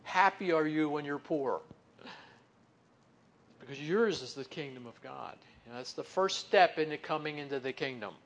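Male preacher, slightly high voice, folksy Bible-teaching sermon, slow emphatic stretches, "you know" throughout. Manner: stretches key words slowly for emphasis, then drops soft. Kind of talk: conversational sermon.

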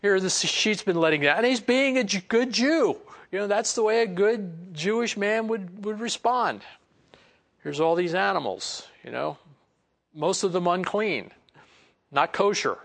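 A man preaching a Bible lesson in a relaxed, conversational way, acting out quoted lines and chuckling as he goes. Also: high-pitched, measured pace, creaky. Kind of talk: sermon.

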